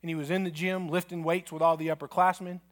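A man's voice: on the high side, flat delivery, quick pace. A man preaching a sermon as pastor in a church, telling stories and leading a prayer. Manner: storytelling with acted quotes, ends in prayer.

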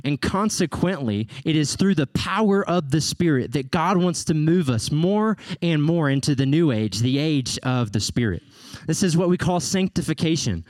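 A male pastor preaching a sermon in an animated way, with playful slang asides and emphatic peaks. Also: on the high side, moderate pace, no echo.

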